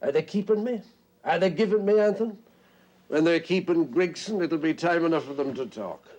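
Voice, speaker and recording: An actor playing a drunk, boastful middle-aged Orangeman tenant, swaggering and loud. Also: a little high, a little fast, close to an everyday voice. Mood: blustering. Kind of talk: stage play acting.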